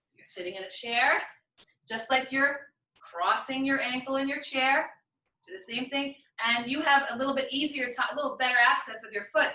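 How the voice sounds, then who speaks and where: Woman yoga teacher, bright voice, a bit high, encouraging, echoey room off-mic. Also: moderate pace, far from the mic. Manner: encouraging, chatty, talks through each move. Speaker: yoga instructor. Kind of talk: guided yoga class instruction.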